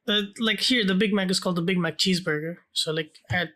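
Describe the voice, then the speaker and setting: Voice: medium pitch, fast talker, bright, forceful tone. A podcast co-host in casual chat, laid-back and hesitant, with many fillers.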